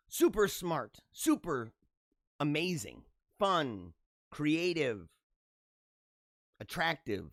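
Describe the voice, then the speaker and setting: A man's voice: sits high, very animated, moderate pace, fairly bright tone, dry recording, studio quality. A man in his thirties hosting a podcast, giving casual political commentary in a sarcastic, mocking way and laughing at his own jokes. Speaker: podcast host.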